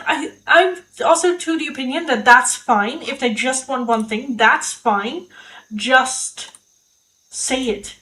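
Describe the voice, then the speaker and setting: A woman's voice: fairly high pitch, bright, forceful tone, low-quality recording. A young adult woman hosting a live tarot stream, chatting candidly, swearing freely and laughing often. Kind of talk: casual live-stream chat.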